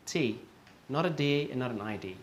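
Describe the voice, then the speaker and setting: A man's voice: mid-range voice, expressive, moderate pace, slight background noise. A man teaching English pronunciation, patiently repeating each word for learners, with frequent fillers and self-corrections. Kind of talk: online pronunciation lesson.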